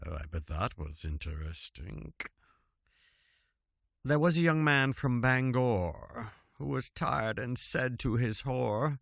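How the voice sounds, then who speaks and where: A man reads comic verse aloud at a slow, deliberate pace, his pitch swinging widely as he savors each line. Between verses he drops into wry, chuckling asides. The sound is dry and close, recorded at home. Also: animated, vocal fry, no echo. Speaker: reader. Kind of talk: reading limericks aloud with asides. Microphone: home recording setup.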